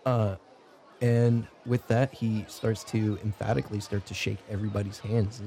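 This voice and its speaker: Gravelly, low-voiced male game master. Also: normal speed. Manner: relaxed, with frequent "uh" fillers. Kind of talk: narrating a tabletop game.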